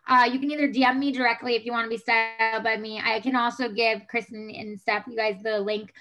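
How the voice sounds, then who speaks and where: A woman's voice: on the high side, little pitch movement, fairly quick, sharp tone, faint music behind. Chatty New York woman guest. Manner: chatty, upbeat, lots of fillers. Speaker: podcast guest, stylist. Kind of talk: casual interview chat.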